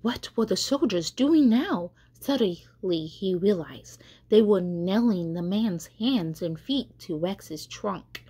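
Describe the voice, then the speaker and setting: A woman catechist reading a children's storybook aloud in a gentle, unhurried way. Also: mid-range voice, expressive, husky.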